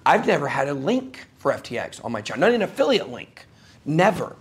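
A man's voice: fairly high pitch, big pitch swings, a little fast, breathy edge. A man as an interview guest before a live audience, telling a story in an emphatic, rambling way, his voice jumping up sharply when he gets worked up.

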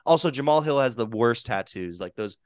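A man hosting a casual podcast chat, swearing freely and swinging between loud bursts and mumbled asides. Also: mid-range voice, fairly quick, a crowd in the background. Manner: profane, excitable, swings loud and soft. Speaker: podcast host.

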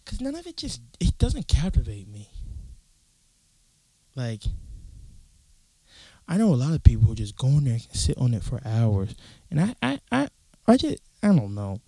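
A man's voice: mid-range voice, normal speed, creaky, long pauses, no echo, low-quality recording. A young man hosting a casual solo podcast, rambling and cursing his way through a rant, recorded alone in his closet. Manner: profane, rambling, animated. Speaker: podcast host.

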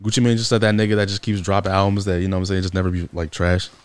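A man's voice: sits low, flat delivery, racing, clean tone. A man on a casual podcast, blunt and slangy, teasing the others. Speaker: podcast co-host.

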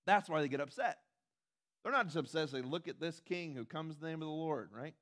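A man's voice: on the high side, animated, fairly quick, fairly bright tone. A man preaching a sermon in a conversational way, with asides to the congregation and acted-out quotes. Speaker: pastor.

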